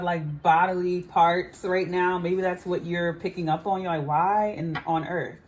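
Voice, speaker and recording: With a darkish voice on the low side, a tarot reader muses aloud in a casual psychic reading for her viewers. She's chatty and keeps saying "I feel like."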